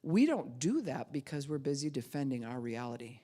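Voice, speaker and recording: Animated woman pastor, loud to soft. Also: extremely low pitch, moderate pace. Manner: animated, swings from loud to soft, acts out quoted voices. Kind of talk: conversational teaching sermon.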